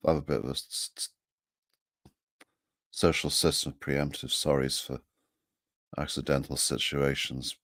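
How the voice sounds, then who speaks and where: A man in a casual live-stream chat who speaks haltingly, with many fillers. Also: a bass voice, flat delivery, fairly bright tone, no room sound.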